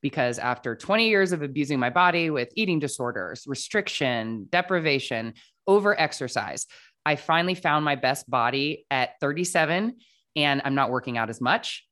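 Animated and a bit bright, this woman's very deep voice moves at normal speed as she guests on a podcast. She chats casually about her own story, saying "like" often and performing the dialogue she quotes.

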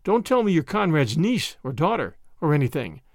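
A man's voice: a little high, big pitch swings, normal speed, no room sound, studio quality. A man voicing a cheeky young English adventurer who talks in a jaunty, joking, mock-grand manner. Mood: eager. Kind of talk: audiobook character voice.

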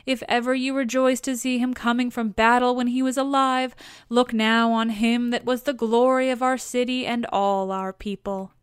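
A woman's voice: a little high, little pitch movement, moderate pace, clean tone, no echo, clean studio sound, natural voice. A woman reading as a wailing young prophetess. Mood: crying out. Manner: loud, calling out. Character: young prophetess princess crying out.

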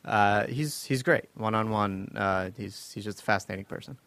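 A man with a fairly low voice hosts a relaxed panel chat. He tells stories loosely, with fillers and laughter. The sound is dry and close to the mic. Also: normal speed, dry recording. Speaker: podcast host.

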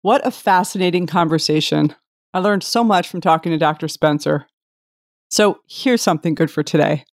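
A woman's voice: lowish voice, moderate pace, dry recording, studio quality. Polished woman interview host. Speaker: podcast host. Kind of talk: scripted interview questions.

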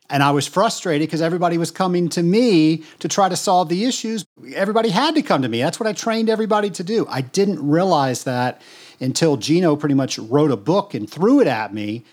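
A man hosting a podcast, chatting with a guest in a jokey, friendly manner. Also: medium pitch. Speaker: podcast host. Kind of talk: casual interview hosting.

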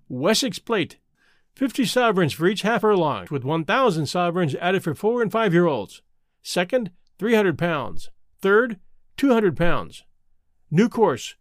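Expressive male storybook narrator, dry close sound. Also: sits high, no room sound. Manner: expressive, voices each character. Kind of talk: storybook reading.

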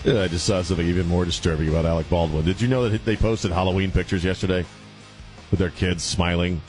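A man's voice: low-pitched, fast, soft background music. A male talk radio host chatting casually in a studio, telling stories with lots of wisecracks and laughter. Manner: animated storyteller, laughs often, wisecracking. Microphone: studio microphone.

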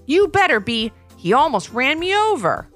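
Storybook role: woman voicing a sassy old basset hound, bitter and grumbling, lively pitch. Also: normal speed, faint music behind. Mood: grumpy.

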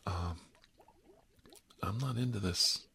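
A man's voice: lowish voice, takes it slowly, gravelly, sharp tone, a little hiss or hum, heavily acted. A man voicing a refined, well-to-do young woman on a date, in a fussy and affected tone. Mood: prim.

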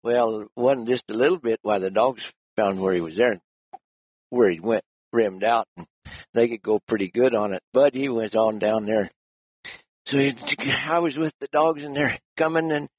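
Folksy old-timer spinning a hunting yarn. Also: male voice, mid-range voice, dry recording. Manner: folksy, laughing, drawling rural talk. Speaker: rancher and lion hunter. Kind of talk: casual storytelling. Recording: dull lo-fi sound.

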